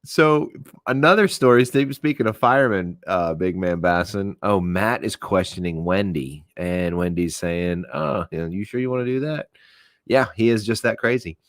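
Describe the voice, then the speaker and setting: A man from Oklahoma hosting a show, telling his own stories in a loose, profane way and jumping up in pitch when he acts out what people said. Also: moderate pace, dry recording, studio quality. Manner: animated, profane, acts out quoted voices with big pitch jumps. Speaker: podcast host. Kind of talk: casual storytelling to a live audience.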